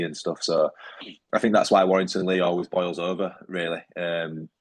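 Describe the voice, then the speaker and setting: Deep, flat-voiced man chatting easily. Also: normal speed. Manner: easygoing, rambling with many fillers and restarts. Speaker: rugby league player, interview guest. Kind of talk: casual interview talk.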